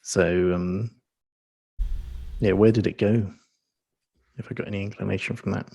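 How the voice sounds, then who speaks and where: A man's voice: low-pitched, fairly even intonation, normal speed, creaky, dark tone, husky. A man playing a tabletop game, thinking aloud as he works things out. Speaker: player.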